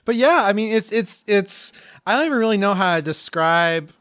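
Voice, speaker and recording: A man's voice: high-pitched, lively intonation, moderate pace, fairly bright tone, clear, resonant tone, no room sound. A man co-hosting a podcast, talking hesitantly and searching for his words. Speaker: podcast co-host. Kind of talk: casual podcast chat.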